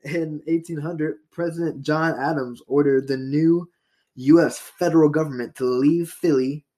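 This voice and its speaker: A woman co-hosting a casual podcast. She reads history dates in a flat list voice and breaks off to swear and laugh. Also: sits low, normal speed. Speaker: podcast co-host. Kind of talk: casual podcast chat reading history facts.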